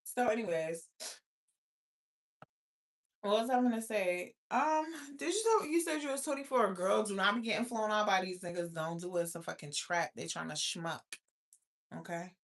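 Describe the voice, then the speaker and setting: A woman's voice: medium pitch, normal speed. A woman in her thirties talks straight to her livestream viewers. She is blunt and profane, and she rants with a lot of energy as she reacts to their comments. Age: 30s. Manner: blunt, profane, animated ranting. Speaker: livestream host. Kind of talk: casual livestream chat reading viewer comments.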